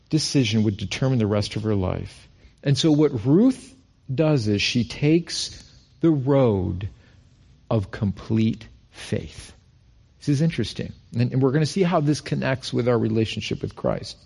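A middle-aged male pastor from Rochester, New York, preaching a sermon and acting out quoted lines with rising pitch. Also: big pitch swings, slow, vocal fry, pauses often, darkish tone, slightly rough.

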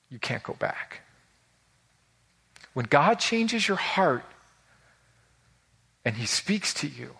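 A male pastor with a medium-pitched voice preaches a sermon with animation, putting questions to the congregation.

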